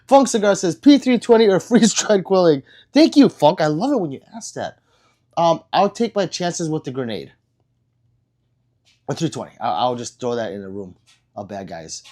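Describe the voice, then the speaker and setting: Young guy hosting a stream, bouncy pitch, jokey, reads chat aloud and rambles. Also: animated, moderate pace, warm tone. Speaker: livestream host reading chat. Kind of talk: casual live stream chat.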